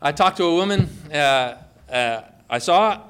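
A man's voice: a little high, expressive, a little slow, a bit bright, clean tone. A man from Connecticut giving a conversational sermon, telling stories and asking rhetorical questions. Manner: storytelling, full of rhetorical questions. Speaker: preacher.

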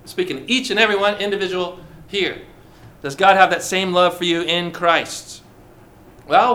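Bright high-voiced preacher man. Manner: animated preaching, slows on key words, speaks to congregation. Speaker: pastor. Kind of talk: sermon.

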